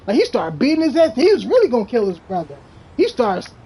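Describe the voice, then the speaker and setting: A game streamer chatting casually and telling stories in an animated, rambling way, with lots of slang and swearing. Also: mid-range voice, quick pace, husky, poor audio. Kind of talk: casual chat while streaming.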